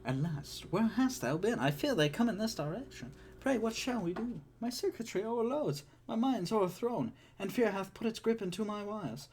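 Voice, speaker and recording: A man's voice: high-pitched, expressive, moderate pace, few pauses, a little mellow, slight background noise, voice pushed up. A man voicing a fussy, anxious male protocol droid. He frets and recites in old-fashioned verse. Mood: panicked.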